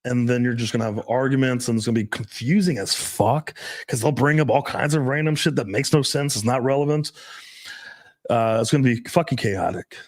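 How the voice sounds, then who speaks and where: Guy chatting on a podcast, mid-pitch voice, swears a lot, lots of likes and ums, laughs a bunch. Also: a little fast. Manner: loose and profane, many fillers, laughs often. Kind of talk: casual podcast chat.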